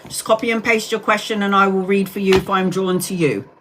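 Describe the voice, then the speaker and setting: A woman's voice: medium pitch, steady tone, brisk, noisy background. A woman in her forties giving live tarot readings, soothing and direct, calling listeners sweetheart and honey. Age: 40s. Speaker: tarot reader.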